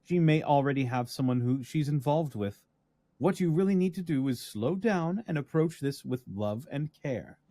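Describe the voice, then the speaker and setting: A man voicing a loving, gentle advice-giving lady, reading her reply letter in an earnest, lilting way. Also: a little high, lively intonation, moderate pace, no echo, studio quality, close to an everyday voice. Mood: caring.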